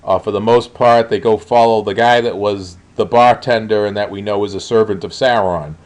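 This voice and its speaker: A man's voice: lowish voice, fairly even intonation, normal speed. A man reviewing a show in a blunt, exasperated way, with frequent ums and uhs. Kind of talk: spoken review.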